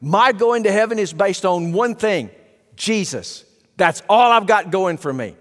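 High-voiced preacher in a reverberant hall. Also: male voice, animated, a little slow. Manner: emphatic, rhetorical questions to the congregation. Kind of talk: sermon. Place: church sanctuary.

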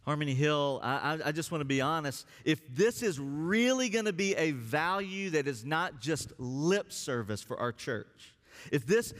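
A man's voice: a little high, animated, a little slow, fairly bright tone. A man preaching a sermon as pastor, speaking earnestly and drawing out key words for emphasis. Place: church sanctuary. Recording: long reverb of a church hall.

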